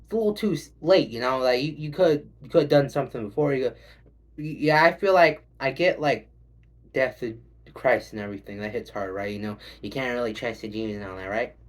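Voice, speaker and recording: A man doing a stand-up set, rambling and swearing and acting out quick voices. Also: medium pitch. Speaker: stand-up comedian.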